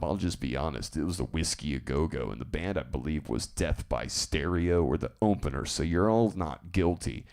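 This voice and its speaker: A man hosting a live stream, chatting casually and telling rambling, animated stories. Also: low-pitched. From southern United States. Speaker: live-stream show host.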